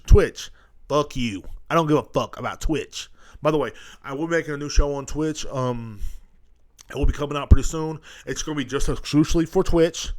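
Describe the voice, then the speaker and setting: Speaking fairly quickly in a medium pitch, this podcast host rambles and jokes his way through a casual comedic rant laced with heavy profanity. He records his own show at home using studio headphones and a microphone.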